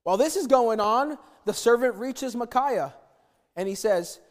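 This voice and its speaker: A man preaching a sermon, retelling a Bible story in an animated way and acting out the quotes. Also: extremely high pitch, a little slow, in a large hall. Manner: animated storytelling, acts out quotes, repeats words.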